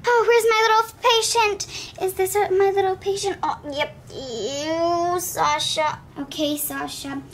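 A woman voicing a gentle, cheerful school nurse doll who reassures a hurt child. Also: very high-pitched, steady tone, a little slow, few pauses, a little hiss or hum, full character voice. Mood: reassuring. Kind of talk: doll play narration.

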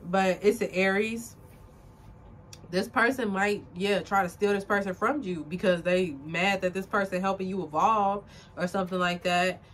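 A woman's voice: mid-range voice, fairly even intonation, normal speed, fairly bright tone, a little hiss or hum. A young woman giving a casual tarot reading to camera, rambling with lots of fillers and close to tears. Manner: rambling, filler-heavy, emotional and tearful at times. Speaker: tarot reader.

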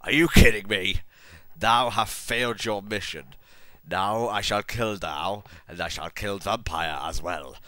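Man voicing a slow menacing dark lord. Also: deep voice, expressive, dry recording, full character voice. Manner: slow, menacing, mock-archaic speech. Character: wrathful evil male dark lord. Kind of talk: comedic dramatic reading.

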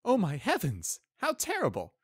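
A plucky young pegasus mare cadet, put on by a man reading a story aloud, her voice pushed well up high and jumping about. She is sarcastic and cheeky even while hurting. The recording is dry and close. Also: brisk, no room sound. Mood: wry. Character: young female pegasus cadet, brash and wry.

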